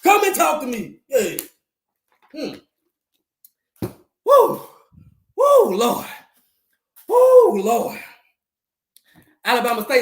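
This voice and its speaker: A man with a high, lively voice loudly gloats over a rival team's loss on his live stream. He keeps repeating his jabs and cuts them with laughter and whoops. The sound comes from a roomy, echoey space. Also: slow, pauses often. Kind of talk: trash-talking sports live stream.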